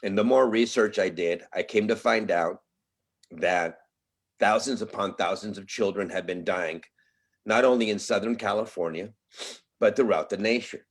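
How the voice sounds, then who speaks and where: A man's voice: on the low side, normal speed. A bereaved father making an emotional public plea at a press conference, his voice pleading and breaking with feeling.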